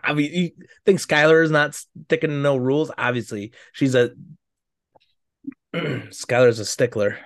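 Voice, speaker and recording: A young man from upstate New York chats as a podcast co-host. His voice sits at a middle pitch, relaxed and chuckling, with plenty of fillers. It is recorded close and dry. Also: a little slow, long pauses, no room sound. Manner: laid-back, chuckling, filler-heavy. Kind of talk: casual chat.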